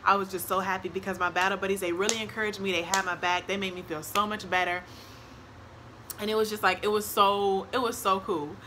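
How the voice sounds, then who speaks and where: A young woman tells a casual storytime, animated, acting out quotes and laughing often. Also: mid-range voice, brisk, slight background noise. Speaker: vlogger.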